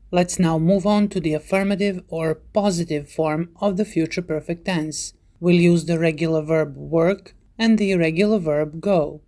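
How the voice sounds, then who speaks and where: A woman narrating a scripted English grammar lesson, reading out verb forms in a measured, deliberate way. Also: lowish voice, darkish tone. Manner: measured, deliberate delivery of word lists. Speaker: English teacher.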